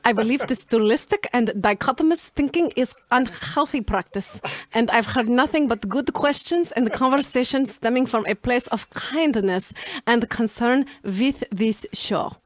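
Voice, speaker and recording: A woman putting on a Russian-accented man reading a listener's review aloud, slow and halting. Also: on the high side, dry recording, natural voice. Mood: earnest. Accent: mock Russian. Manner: slow, halting, breaks into laughter.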